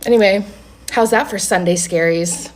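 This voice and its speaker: A woman's voice: mid-range voice, moderate pace, very noisy. Young woman ranting about a bad date, swears a lot, does the voices of both people, mid-range voice. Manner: animated, profane, acts out both sides of the conversation. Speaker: vlogger telling a dating story. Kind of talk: casual storytelling to camera.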